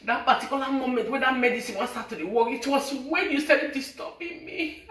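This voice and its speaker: A woman's voice: high voice, brisk, a bit bright, reverberant, far from the mic. A woman with a Nigerian accent, mixing Pidgin and English as she tells viewers a painful personal story in an accusing, pleading way. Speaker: social media personality. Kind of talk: emotional personal confession to viewers.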